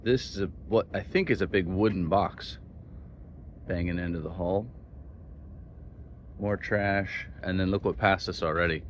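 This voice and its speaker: Brief: man vlogger, low voice, outdoor commentary on a boat. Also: measured pace, pauses often, a little hiss or hum. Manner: pointing things out as he films. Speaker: sailing vlog host. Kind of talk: on-the-spot vlog commentary.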